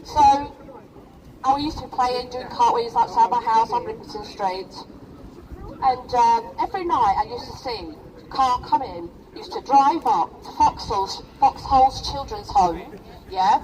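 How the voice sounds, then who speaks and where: A woman's voice: fairly high pitch, a little slow, a little mellow, a little hiss or hum. A middle-aged woman from England gives an emotional, rallying speech at a protest and keeps asking the crowd "yeah?". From England (Rochdale). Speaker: protest speaker. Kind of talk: impassioned public speech. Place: outdoor street protest. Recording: distant outdoor crowd recording.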